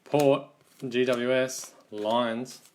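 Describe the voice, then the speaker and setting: An Australian man runs a live card break, naming each team and player as the cards come out. He talks at a slow, easy pace with a mid-range voice, relaxed and chatty with his viewers. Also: mid-range voice, background noise. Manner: unhurried, relaxed running commentary, calling out teams one by one. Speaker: card box break host.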